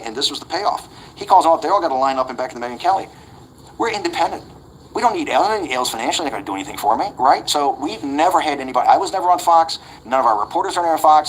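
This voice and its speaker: Fast-talking blunt man in his sixties. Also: medium pitch, a little hiss or hum, low-quality recording. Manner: blunt, combative, restarts and repeats words. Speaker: interview guest. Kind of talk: animated interview storytelling.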